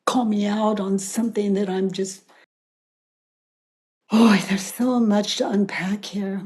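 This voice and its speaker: An older woman facilitating a self-inquiry session, calm and deliberate, often dropping to a whisper. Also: medium pitch, husky. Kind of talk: slow guided inquiry dialogue.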